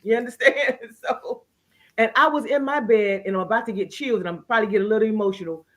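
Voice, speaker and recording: A woman's voice: fairly high pitch, fast talker, fairly bright tone. A woman guest in an interview, telling a personal story earnestly and with feeling, often restarting her sentences. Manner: earnest, emotional testimony with many restarts. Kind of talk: casual interview conversation.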